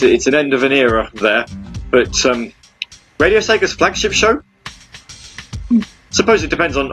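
A man's voice: mid-range voice, fairly bright tone. A man hosting a radio show from home, chatting casually and rambling with lots of fillers.

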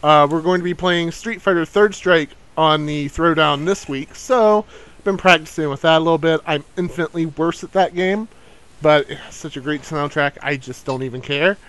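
A man with a high-pitched voice hosts a laid-back gaming show. His delivery is excitable and bouncy, jumping between topics. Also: normal speed, low-quality recording. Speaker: show host. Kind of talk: casual podcast chat.

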